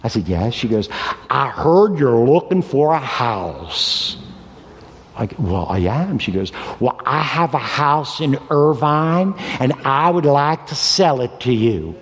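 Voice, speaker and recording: A man in his sixties preaching a sermon, telling stories with animated delivery and acting out the characters' lines. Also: medium pitch, unhurried, few pauses. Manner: animated storytelling, voices the characters. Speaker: pastor. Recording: reverberant hall.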